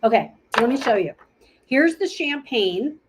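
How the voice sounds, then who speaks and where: A woman's voice: a little high, animated, unhurried, noisy background. Chatty woman demonstrating makeup. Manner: chatty, thinking aloud while searching for products. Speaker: makeup presenter. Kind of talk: casual live makeup tutorial.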